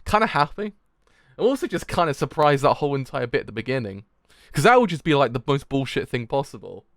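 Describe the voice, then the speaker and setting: A young man hosting a live manga reaction and review, excitable, swearing freely and laughing often. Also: mid-range voice, fast talker, dry recording, clean studio sound. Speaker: manga reaction channel host.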